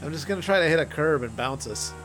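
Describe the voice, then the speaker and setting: A young man chatting casually on a gaming stream, swearing and laughing often, telling stories and breaking into loud impressions. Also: on the high side, lively intonation, fast talker, a little hiss or hum. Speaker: streamer co-host.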